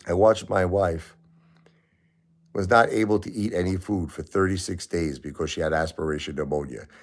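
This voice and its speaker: A man hosting a livestream, grieving and halting as he talks, often repeating himself. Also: low-pitched, fairly even intonation. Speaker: livestream host. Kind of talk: emotional livestream talk.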